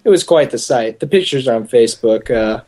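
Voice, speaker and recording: A man's voice: medium pitch, brisk. Young man telling a rambling story. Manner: rambling, animated, with many restarts. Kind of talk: casual storytelling.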